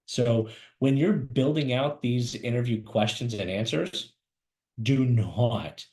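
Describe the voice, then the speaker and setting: A man teaching job seekers to camera as a career coach, fast-talking and emphatic, animated and gesturing as he speaks. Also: medium pitch. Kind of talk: energetic instructional talk to camera. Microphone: camera mic, speaking to camera.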